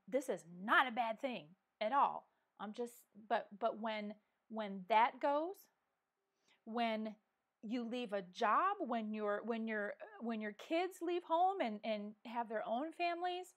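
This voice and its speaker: A middle-aged woman hosting a casual live coffee chat from home, talking earnestly with many restarts and ums, on a clip-on microphone. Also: a little high. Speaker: vlog host. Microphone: wearing a microphone.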